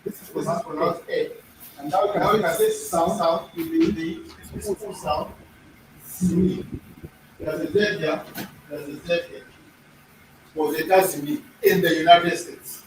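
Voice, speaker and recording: A middle-aged man from Nigeria, his voice sitting high, teaches a pronunciation class a little slowly and with long pauses. He repeats words and questions the students, and the distant mic records an echoey room with faint noise.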